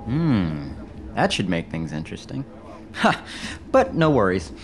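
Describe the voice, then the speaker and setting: An actor playing a scheming, ruthless commander who gloats calmly over his plans. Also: low voice, measured pace, soft background music, heavily acted. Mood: smug. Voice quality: smug, gloating.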